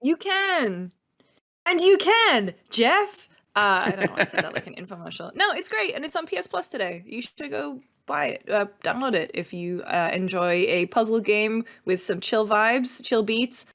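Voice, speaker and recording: A woman chatting as a podcast guest in a lively, loose way, swearing freely and pitching games with enthusiasm. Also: moderate pace, creaky, hardly any pauses. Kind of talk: casual podcast chat.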